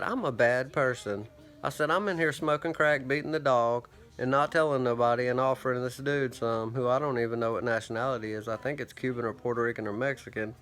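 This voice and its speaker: A man talks in a loose, rambling monologue, full of cursing and self-mockery, with faint music playing behind him. His throat sounds parched, and his pitch sits in a middle range. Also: a bit bright. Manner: rambling, profane, self-mocking storytelling. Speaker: vlogger.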